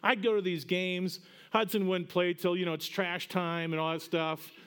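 A middle-aged man preaching a sermon as pastor, conversational and animated, building to emphatic peaks. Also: high-pitched, moderate pace, clear, resonant tone.

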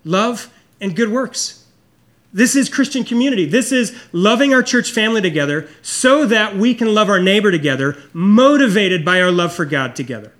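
Middle-aged male pastor with a high-pitched voice, preaching earnestly and personally. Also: animated, normal speed. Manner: earnest, confessional, drops low and soft for emphasis. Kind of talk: sermon.

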